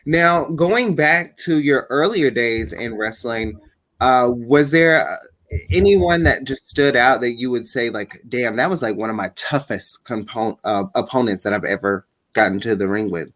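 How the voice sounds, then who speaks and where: Guy hosting a chill interview podcast, lots of yeahs and mm-hmms, relaxed asking. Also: medium pitch, unhurried. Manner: easygoing, lots of agreeing backchannels. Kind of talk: casual interview chat.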